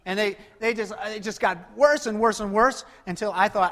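A man preaching a sermon as pastor, swinging between loud emphatic passages and hushed, quiet asides. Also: high voice, normal speed, few pauses, long reverb tail.

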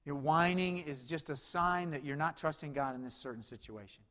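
High-voiced preacher in a reverberant hall. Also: male voice, normal speed. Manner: animated, swings between loud urgency and low quiet emphasis. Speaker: pastor. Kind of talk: sermon.

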